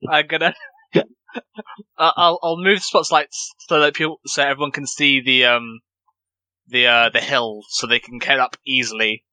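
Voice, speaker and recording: A player in a tabletop game talking in a lively, hesitant way. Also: mid-range voice, moderate pace, dry recording, low-quality recording. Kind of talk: casual tabletop play.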